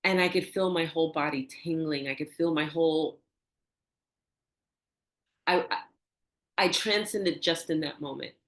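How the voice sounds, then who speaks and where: An older woman, a guest in an interview, telling a personal story with animated, acted-out dialogue and soft, hushed reflective moments. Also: unhurried, long pauses. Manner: animated, acts out quoted dialogue with rising pitch. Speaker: interview guest, energy healer.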